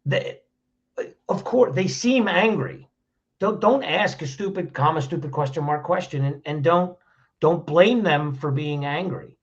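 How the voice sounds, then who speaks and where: A man's voice: a little high, unhurried, slightly rough, highs cut off. A man speaking as a podcast guest, giving conversational advice in a plainspoken way and often restarting his phrases. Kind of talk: conversational advice on handling anger.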